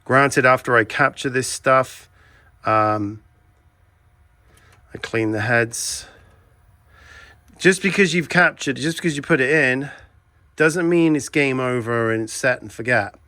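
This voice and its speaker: A man's voice: medium pitch, slow pace, long pauses, sharp tone, no room sound. A man from England with an English accent, a video transfer shop owner talking bluntly and chattily in a casual vlog from his shop at night. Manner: blunt, chatty, ranting asides.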